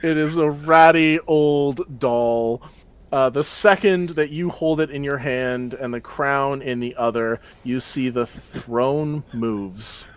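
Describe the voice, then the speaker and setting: A man's voice: mid-range voice, takes it slowly, slight background noise. A man running a tabletop role-playing game as dungeon master, narrating the action and laughing as he describes it. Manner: animated, laughs while describing.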